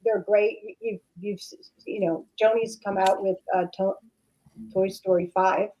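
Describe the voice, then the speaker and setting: A woman's voice: medium pitch, steady tone, a little slow, dark tone, low-quality recording. A woman actress chatting as a guest in an interview, rambling with many fillers and restarts. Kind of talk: casual interview chat.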